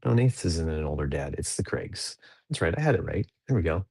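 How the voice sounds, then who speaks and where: A man's voice: deep voice, expressive, brisk, creaky, a little mellow, slightly rough, no echo. A man in his thirties hosting a dads' podcast, talking through a daily reading in a rambling, self-correcting way. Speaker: podcast host. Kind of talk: casual reflective chat.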